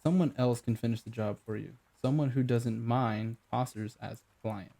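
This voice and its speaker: A gruff, exhausted ex-soldier turned detective who speaks in short, terse bursts, voiced by a male narrator. The voice is deep-toned and dark, with a gravelly rasp. It is the lead character in an audiobook. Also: fairly even intonation, normal speed, natural voice.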